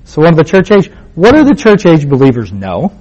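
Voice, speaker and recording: A man's voice: on the high side, wildly swooping pitch, a little fast, a little mellow, husky, dull audio. A man teaching a Bible passage in a casual sermon, asking rhetorical questions and repeating points for emphasis in plain, conversational words.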